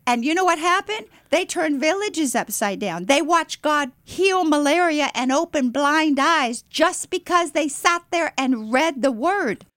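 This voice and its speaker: A middle-aged woman missionary telling her story in an interview, animated and dramatic. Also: sits high, unhurried, hardly any pauses, no room sound, studio quality.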